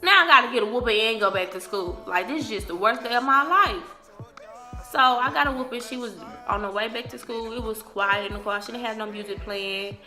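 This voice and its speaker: A young woman vlogger telling a casual storytime, animated and slangy, cursing freely. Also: fairly high pitch, brisk, faint music behind.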